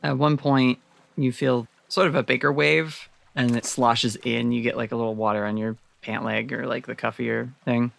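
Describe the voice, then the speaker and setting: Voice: mid-range voice, steady tone, normal speed, creaky, hardly any pauses, fairly bright tone. A game master narrating a tabletop role-playing scene in a casual, filler-heavy way.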